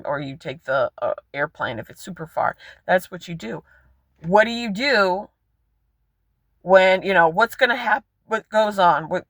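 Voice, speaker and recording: A woman in her forties records a candid vlog from her car, rambling and swearing freely. Her voice is bright and forward. The sound is dry and close, with no room echo. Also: fairly low pitch. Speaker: vlogger.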